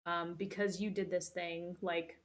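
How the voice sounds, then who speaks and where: A woman briefly voicing a suspicious male lion king, grudging and gruff. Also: lowish voice, little pitch movement, a little slow, natural voice.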